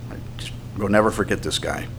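A male pastor with a fairly low voice preaching a sermon. His delivery is conversational, like he is telling a story, with frequent fillers and pauses. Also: vocal fry, fairly bright tone, slight background noise.

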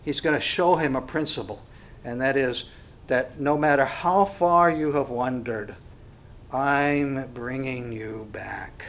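A man preaching a sermon, emphatic, repeating words and swinging between loud and quiet passages. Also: medium pitch, normal speed. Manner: emphatic, varies volume, repeats phrases. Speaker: pastor.

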